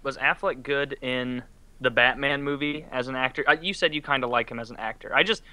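Sex: man. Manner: blunt, swearing, opinionated. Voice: very bright, smooth. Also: medium pitch, fairly quick, dry recording. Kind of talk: casual chat. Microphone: video call.

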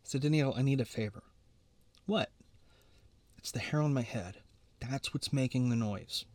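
A man's voice: mid-range voice, unhurried, a little mellow, no room sound, close to an everyday voice. A man reading aloud gives us a brooding teenage boy in a storybook, pressing his point with urgent pleading. His voice sits mid-range, recorded dry and close.

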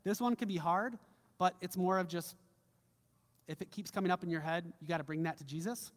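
High-voiced pastor preaching in a reverberant hall. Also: male voice, fairly quick. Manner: casual, conversational preaching with animated emphasis. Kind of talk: sermon.

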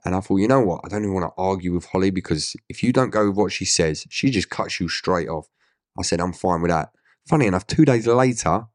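Essex man in his thirties, low-voiced guest, blunt, swears, tells it straight; dry close mic. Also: brisk, no room sound. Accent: Essex English. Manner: blunt, swears, acts out quoted dialogue. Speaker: interview guest. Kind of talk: candid storytelling interview.

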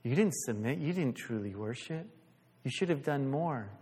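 A man voicing a nagging, scornful inner voice that badgers with rapid accusing questions, in a hall with long reverb. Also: medium pitch, lively intonation, warm tone, slightly rough.

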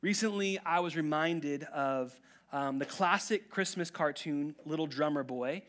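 Chatty, animated male pastor. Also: fairly high pitch, measured pace. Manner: chatty, animated, acts out quotes. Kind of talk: casual sermon.

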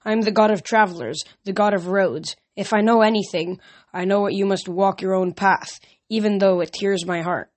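A woman's voice: mid-range voice, fairly even intonation, normal speed, a little mellow, natural voice. A woman reader voicing a male god and absent father who speaks in a grave, restrained, sad way in a storybook. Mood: sorrowful.

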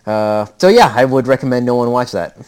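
A man's voice: medium pitch, animated, brisk, darkish tone, smooth. A man co-hosting a casual movie podcast, rambling with lots of fillers and swearing freely. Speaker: podcast co-host. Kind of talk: casual chat about movies.

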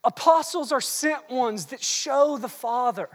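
A preacher delivering an animated, teasing sermon that swings between quiet asides and shouted bursts, recorded in a large hall. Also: high-pitched, measured pace, hardly any pauses. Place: large hall with long reverb. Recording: long hall reverb.

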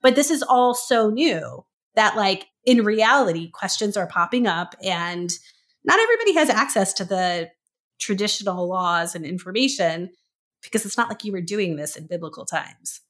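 Woman, podcast guest, chatty storytelling, acts out quotes, medium pitch. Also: normal speed. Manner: lively storyteller who acts out quoted voices. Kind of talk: casual interview storytelling.

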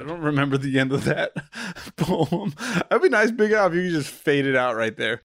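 A man's voice: mid-range voice, expressive, a little fast, a bit bright, dry recording. Joking podcast guy, playful, dry close sound, voice jumps around a lot. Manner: playful, teasing. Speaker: podcast co-host. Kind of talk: casual podcast chat.

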